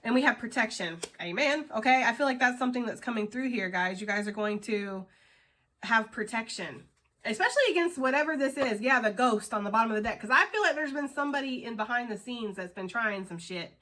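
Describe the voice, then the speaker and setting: A woman's voice: a little high, expressive, a little fast, bright, forceful tone. A woman giving a casual tarot reading to her viewers, rambling and chatty with lots of fillers and casual swearing. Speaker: tarot reader.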